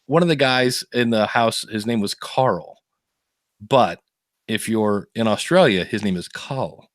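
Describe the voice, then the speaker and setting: A man's voice: fairly low pitch, normal speed, dry recording. Chatty man on a dry podcast mic. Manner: chatty storyteller, laughs often, many fillers. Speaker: podcast co-host. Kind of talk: casual podcast chat.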